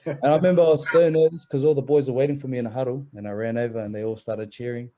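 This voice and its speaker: A man's voice: medium pitch, steady tone, rapid-fire, mellow, lo-fi sound. A young man, a rugby league player telling stories in a casual chat, laid-back and swearing freely.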